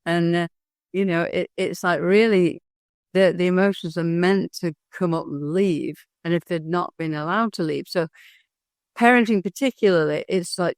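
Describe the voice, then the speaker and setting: A middle-aged woman guest talks candidly in an interview. She tells her stories with animated energy, often restarting her sentences. The sound is close and dry. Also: on the low side, moderate pace, dry recording. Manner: earnest, animated storytelling with frequent restarts. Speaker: guest, hypnosis and NLP trainer.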